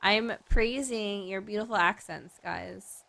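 A young Australian woman hosting a let's play, chatting casually over her gameplay in an animated, joking way and swearing often. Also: medium pitch, unhurried, gravelly, hardly any pauses.

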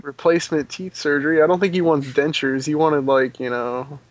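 A man's voice: on the high side, normal speed, highs cut off. A man co-hosting a casual gaming podcast, telling stories with lots of laughter and swearing. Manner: animated storyteller, laughs and swears freely. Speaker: podcast co-host.

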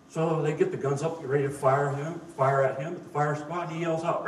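A man's voice: fairly high pitch, brisk, slight background noise. A man preaching a sermon, telling jokes and stories in a folksy, conversational way. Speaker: pastor. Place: church sanctuary. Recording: echoey room, mic at a distance.

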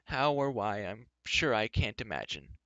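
A man's voice: fairly low pitch, big pitch swings, measured pace, pushed and bright, no echo, lo-fi sound, exaggerated voice. A man voicing a timid, gloomy male hermit who speaks in a dismal, anxious whine. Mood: fretful.

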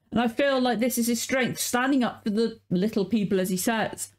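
A woman's voice: fairly high pitch, fairly even intonation, brisk, few pauses, darkish tone. A woman hosting a reaction video, talking casually and effusively with lots of swearing. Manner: effusive, swears a lot, emotional.

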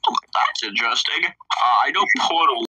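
A man playing a teacher in a loose role-play session, crude and joking, with plenty of laughter. His voice is very bright and cutting. He sits a little away from the mic in a dry, dead room. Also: medium pitch, expressive, moderate pace, dry recording, distant mic, rough recording. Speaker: player acting as teacher. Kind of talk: casual role-play banter.

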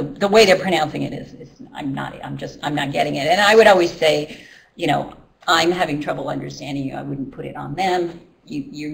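A woman's voice: low voice, creaky. A middle-aged woman and ESL teacher presenting a training workshop in a loose, conversational way with many ums and restarts. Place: workshop room. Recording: voice from a distance.

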